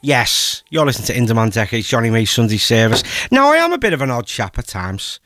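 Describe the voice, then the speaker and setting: A middle-aged man, a radio host telling a rambling story, jumping into high voices for the people he quotes. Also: very animated, a little fast, a bit bright, a little hiss or hum. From North West England.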